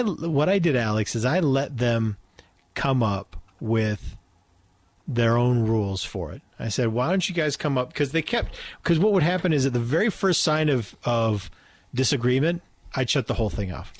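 A man's voice: mid-range voice, no room sound. A man hosting a radio talk show, chatty and joking with his co-host. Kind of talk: casual radio chat.

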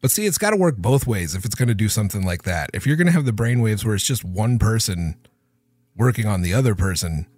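Wry joking man with lively pitch. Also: fast, no room sound. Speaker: podcast co-host. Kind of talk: casual chat.

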